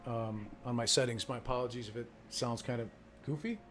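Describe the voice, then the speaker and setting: A man's voice: mid-range voice, fairly quick, a little hiss or hum. Profane, joking male trading streamer. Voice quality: profane, joking, loud bursts of laughter. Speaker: stock market livestream host. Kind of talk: casual trading livestream chat.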